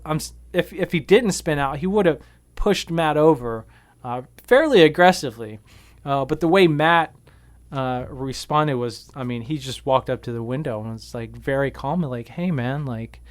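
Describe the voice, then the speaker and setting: A man who is a veteran activist, casually retelling events in a radio interview, with many fillers and animated bursts. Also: on the high side, no echo. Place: radio studio.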